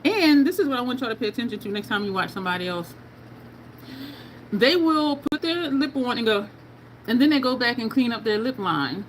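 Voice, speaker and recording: A woman's voice: a little high, animated, brisk, slight background noise, low-quality recording. A woman beauty vlogger chatting casually through a makeup tutorial, telling stories and laughing often.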